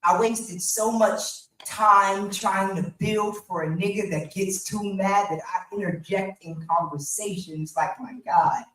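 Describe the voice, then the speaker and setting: A woman performing a raw, profane, confessional spoken-word poem live at a slam, swinging between hushed and loud lines. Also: medium pitch, fairly even intonation, a little slow, hardly any pauses. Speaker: slam poet. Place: indoor theater venue. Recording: echoey venue, voice from a distance.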